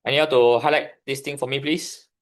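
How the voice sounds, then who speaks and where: A man's voice: medium pitch, fairly even intonation. A man with a Singaporean English accent, teaching a chemistry revision class and questioning his students as he goes. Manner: questions the class, pausing for answers. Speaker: chemistry tutor.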